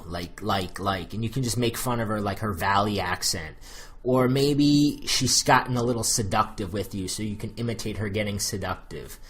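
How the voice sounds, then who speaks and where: A man's voice: mid-range voice, a bit bright, breathy edge. An American man coaching on dating in a loose, chatty monologue full of fillers. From United States. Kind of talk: casual spoken advice monologue.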